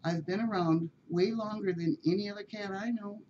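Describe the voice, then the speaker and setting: A woman voicing a very old, dignified female cat who speaks slowly, properly and graciously. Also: medium pitch, mellow, highs cut off, slight background noise, natural voice. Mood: gentle.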